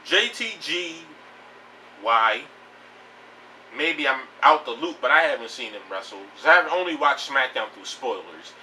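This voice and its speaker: A man's voice: mid-range voice, very animated, normal speed, bright, forceful tone, distant mic, slight background noise, poor audio. A man giving a blunt, profane, rambling rant about pro wrestling news in a casual home video. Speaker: wrestling vlogger.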